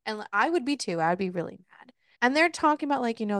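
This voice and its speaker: A woman co-hosting a casual book podcast, retelling a plot with lots of swearing and quick put-on quotes of the characters. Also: a little high, big pitch swings, fairly bright tone, no room sound, clean studio sound. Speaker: podcast co-host. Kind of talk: casual book-review chat.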